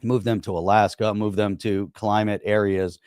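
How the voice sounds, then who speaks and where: A man's voice: lowish voice, level tone, moderate pace, darkish tone, clear, resonant tone, no echo. Dry-voiced rambling male co-host. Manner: rambling, emphatic, frequent "you know" fillers. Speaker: podcast co-host. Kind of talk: casual political chat.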